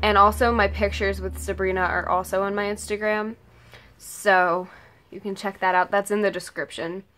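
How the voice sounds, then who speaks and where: A teenage girl vlogger excitedly retelling a story in a casual, rambling way, saying "like" and "oh my god" a lot. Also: mid-range voice, normal speed. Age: late teens. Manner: gushing, rambling, heavy use of "like" and "oh my god".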